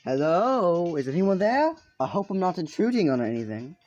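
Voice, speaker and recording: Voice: mid-range voice, very animated, measured pace, a little mellow, slightly rough, dull audio, voice pushed up, full character voice. A narrator voicing a polite, wondering teenage boy who is centuries old, with old-fashioned exclamations, over faint game music. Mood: politely amazed. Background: faint video game music.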